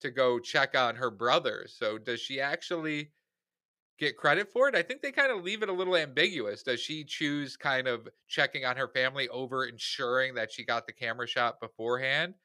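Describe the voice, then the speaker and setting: A man chats about a film he watched, talking in an opinionated, animated way. His voice is bright and lively, and the recording is close and dry with no room sound. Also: medium pitch, brisk, dry recording. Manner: animated, opinionated, acts out quoted lines. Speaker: podcast co-host, film reviewer. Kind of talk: casual chat.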